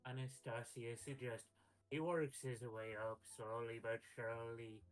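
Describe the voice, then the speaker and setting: A man playing a tabletop game, describing his character's actions in a halting way with restarts. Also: medium pitch, level tone. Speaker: player. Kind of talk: casual in-game narration. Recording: faint music behind.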